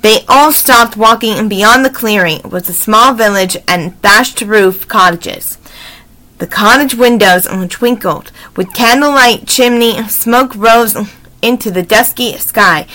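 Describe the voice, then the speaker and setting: A woman reading a children's chapter book aloud, expressive, adding her own warm asides. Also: on the high side, slow, rough recording. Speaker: storybook reader.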